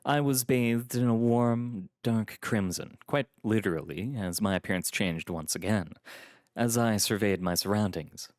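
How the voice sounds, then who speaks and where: A male reader narrates a first-person story in a calm, measured way. His voice is low, his pace is slow and deliberate, and the sound is dry and close with hardly any room echo.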